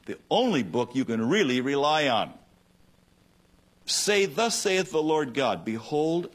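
A male pastor preaching a radio sermon with passion, swinging between loud emphatic bursts and hushed lines. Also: on the low side.

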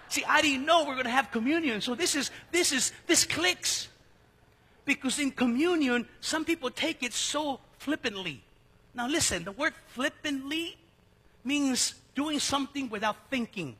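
High, bright-voiced pastor preaching in a hall. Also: male voice, expressive, moderate pace. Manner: conversational, jokey preaching with sudden drops to a hush. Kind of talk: sermon. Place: church sanctuary. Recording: long hall reverb.

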